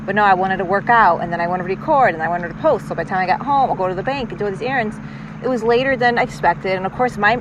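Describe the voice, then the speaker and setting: Middle-aged woman rambling about her day on a lake, phone mic, boats roaring past in the background. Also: medium pitch. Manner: rambling and chatty, self-reflective. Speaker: podcast host. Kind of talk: casual monologue. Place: outdoors on a lake, on a paddleboard. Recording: outdoor lake recording with boat noise. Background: boats passing on the water.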